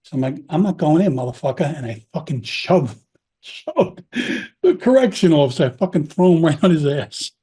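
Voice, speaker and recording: A middle-aged man tells his story in a blunt, swearing, animated way. His voice sits fairly high for a man but has a mellow, husky tone. He talks like a guest in a casual interview. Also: normal speed. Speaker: podcast guest recounting his prison time.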